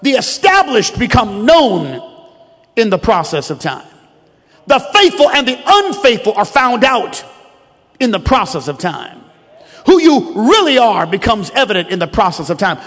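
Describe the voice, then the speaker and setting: High-voiced man preaching in echoing hall. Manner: rhythmic, emphatic preaching that rises to shouts. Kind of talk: sermon. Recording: long reverb of a large hall.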